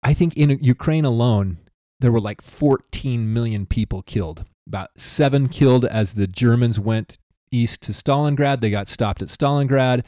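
Man, podcast host, casual rambling talk, mellow warm tone, dry close sound. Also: mid-range voice, normal speed, hardly any pauses, no room sound. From United States. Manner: rambling, self-correcting, animated aside. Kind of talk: casual chat.

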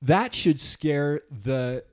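A man's voice: fairly high pitch, very slow, darkish tone. A man co-hosting a podcast in casual chat, chiming in with short remarks and interjections. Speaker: podcast co-host.

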